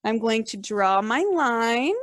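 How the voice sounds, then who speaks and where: A young woman teaching second graders in a recorded lesson, clear, upbeat and encouraging. Her voice sits a little high. The sound is close and dry, with no room around it. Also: animated, slow, fairly bright tone, no room sound. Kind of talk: remote class lesson.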